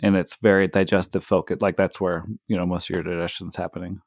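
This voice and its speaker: A man's voice: low voice, flat delivery, fast, dry recording, clean studio sound. A man co-hosting a podcast, asking curious questions in casual chat and laughing easily. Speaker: podcast co-host.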